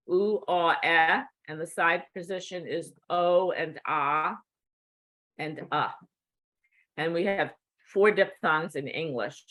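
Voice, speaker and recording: Middle-aged woman teaching slowly and patiently, a bit low pitched, keeps asking okay?. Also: a bit bright. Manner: slow, patient, checks in with "okay?". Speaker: cued speech instructor. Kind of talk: instructional demonstration.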